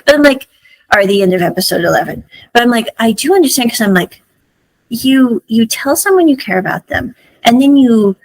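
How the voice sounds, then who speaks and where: A woman's voice: on the high side, no room sound, low-quality recording. A woman hosting a podcast, casually recapping and reviewing a series in a chatty way, often saying "I'm like" as she retells scenes.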